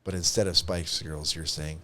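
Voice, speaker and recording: A man co-hosting a comedy podcast in casual chat, rambling and animated with lots of restarts. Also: rumbling low, moderate pace. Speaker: podcast co-host.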